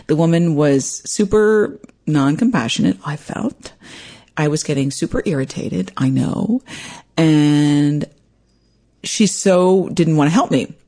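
A woman's voice: low-pitched, slow pace, mellow. A woman hosting her own show, telling a personal story in a candid, self-deprecating and rambling way. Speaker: podcast host.

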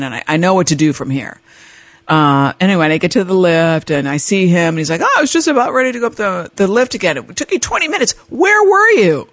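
A woman podcast host telling a personal story in an animated way, acting out the voices of the people in it and laughing often. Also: lowish voice, no room sound. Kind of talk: storytelling monologue.

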